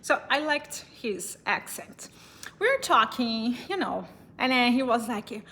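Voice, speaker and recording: A woman with a Brazilian accent recounts a personal story in a loose, chatty way, often laughing and restarting her sentences. Her voice is bright and sits a little high. A faint hum of noise runs under the recording. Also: animated, a little slow. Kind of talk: casual storytelling.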